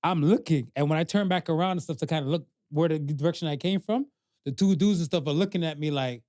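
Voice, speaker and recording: A man's voice: a little high, quick pace, dry recording. A man co-hosting a podcast, telling a story in a loose, casual way. He fills his talk with little fillers and acts out what people said. The recording sounds dry and close. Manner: loose, animated retelling with many fillers and acted-out quotes. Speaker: podcast co-host.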